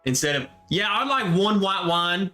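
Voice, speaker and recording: A man's voice: high-pitched, lively intonation, moderate pace, bright, forceful tone, faint music behind. A man hosting a casual livestream chat, joking, reading comments aloud and talking over his co-host.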